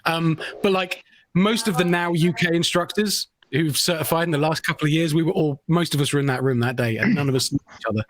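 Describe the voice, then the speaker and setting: A man's voice: a little high, quick pace. Man telling a self-mocking story. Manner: animated, self-mocking storyteller who acts out quotes. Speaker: podcast co-host. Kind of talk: casual storytelling chat.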